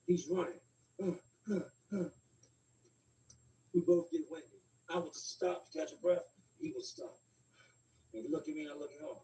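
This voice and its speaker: A middle-aged man casually telling a personal street story, slangy and animated, acting out the other people's lines. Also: on the high side, slight background noise. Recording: roomy sound from a distant mic, faint ambience.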